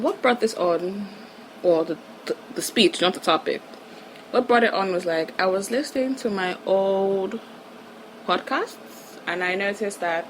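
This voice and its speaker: A woman from Nigeria giving a casual solo podcast monologue. She rambles, giggles, corrects herself often and sometimes drops to hushed tones. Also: medium pitch, slight background noise, low-quality recording.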